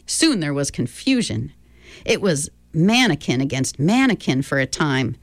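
Woman, storybook reader, lively sing-song delivery, dry close sound. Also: deep voice, a little slow, no room sound. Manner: expressive, giving characters their own voices. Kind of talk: storybook reading.

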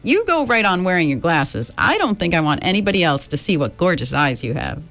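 A kind, steady teenage boy, as a woman reading aloud puts him on, speaking gently and reassuringly with a lively, rising lilt. Soft music sits faintly under the storybook reading. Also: fairly low pitch, brisk. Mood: gentle.

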